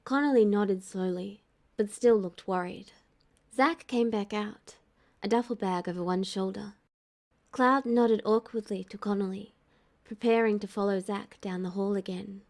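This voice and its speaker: A woman narrating a fan-fiction audiobook in a calm, even storytelling manner. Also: mid-range voice, a little slow.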